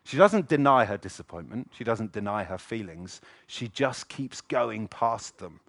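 A middle-aged man preaching a lively sermon in a church, often acting out the voices of the people he quotes. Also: fairly low pitch, a little slow, few pauses, dry recording. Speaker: pastor.

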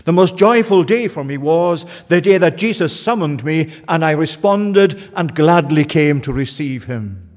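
A man's voice: fairly high pitch, expressive, unhurried, few pauses, in a large hall. A male pastor preaching a sermon with earnest, urgent, pleading appeals to his listeners.

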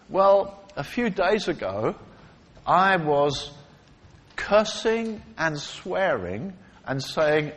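Man preaching, lively up-and-down voice, bit husky, acts out the quotes, long hall echo. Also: high-pitched, slow, pauses often. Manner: animated storytelling, acts out quotes, emphatic repetition. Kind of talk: sermon. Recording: long reverb of a large hall.

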